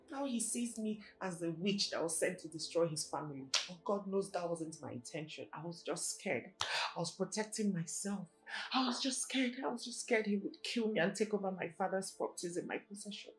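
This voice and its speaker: Actress as a frantic guilty wife, Nigerian accent, pleading, middle pitch. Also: female voice, lively intonation, brisk, close to an everyday voice. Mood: anxious. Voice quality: pleading, anxious. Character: guilt-ridden panicking wife, Tina. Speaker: actor. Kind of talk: film drama acting.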